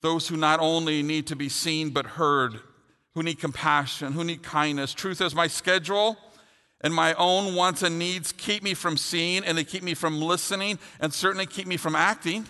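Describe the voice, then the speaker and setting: A man's voice: on the high side, fairly even intonation, moderate pace, sharp tone. A middle-aged man preaching a sermon, earnest and then telling a funny personal story. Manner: earnest, builds to humorous storytelling. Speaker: pastor. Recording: long hall reverb.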